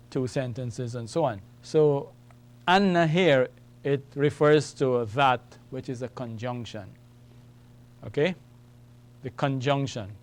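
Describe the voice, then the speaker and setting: Male language teacher, slow and deliberate, repeats words, checks in with "okay?" and "all right?". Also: mid-range voice. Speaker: Arabic teacher. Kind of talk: classroom lesson at a whiteboard.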